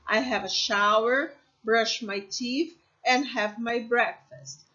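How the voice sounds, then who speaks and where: Slow, patient woman English teacher. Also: fairly high pitch, steady tone, bright, forceful tone, highs cut off. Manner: patient, repeats examples and checks with "okay?". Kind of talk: slow, deliberate classroom explanation.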